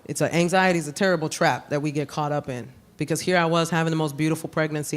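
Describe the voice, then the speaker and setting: A woman with a New York accent performing live stand-up comedy, brash and animated, with sudden loud jumps on her punchlines. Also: low-pitched, quick pace, few pauses. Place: comedy club stage with audience. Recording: live club recording with room noise.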